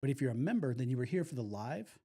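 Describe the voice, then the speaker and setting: A man's voice: mid-range voice, very animated, fast, warm tone. A man co-hosting a live podcast in casual chat, rambling and repeating himself in an upbeat way. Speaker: podcast co-host.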